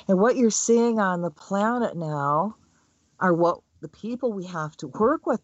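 Animated woman telling spiritual stories. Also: medium pitch, husky, dry recording, dull audio. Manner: animated storytelling, laughs mid-sentence. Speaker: spiritual speaker. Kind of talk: casual spiritual talk with personal stories.

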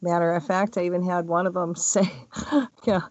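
A woman who works as a spiritual energy healer, giving a chatty, rambling and expressive talk. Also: lowish voice, brisk, dry recording. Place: Hawaii. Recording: dull, dry recording.

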